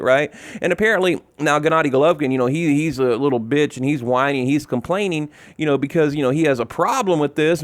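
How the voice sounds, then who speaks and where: In a clean recording with no room sound, a high-voiced man rants about boxing. His commentary is heated and exasperated, full of repetition and swearing.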